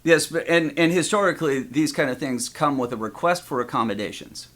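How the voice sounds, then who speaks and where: A man co-hosting a podcast in casual chat, animated and quick to agree. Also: on the high side. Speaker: podcast co-host.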